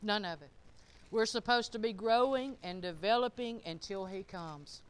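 This female church speaker has a smooth, mid-range voice and talks at normal speed. Her sermon to the congregation is informal and folksy, spoken directly to listeners with plenty of questions for them.

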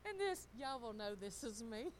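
Middle-aged woman, pastor's wife type, high bright voice, chatty sermon delivery, faint room hum. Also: moderate pace, low-quality recording. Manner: animated, laughing, talks straight to the congregation. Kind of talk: casual sermon storytelling.

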